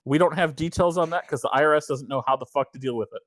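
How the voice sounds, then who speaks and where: A man's voice: on the high side, quick pace, a bit bright. A man co-hosting a podcast, chatting in an offhand, meandering way and swearing casually. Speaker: podcast co-host.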